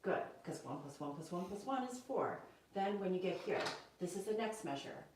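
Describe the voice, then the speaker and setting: A woman's voice: mid-range voice, animated, normal speed, very echoey, far from the mic, noisy background. A woman piano teacher giving a one-on-one lesson, patiently explaining step by step and checking that her student understands. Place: indoor room with a piano.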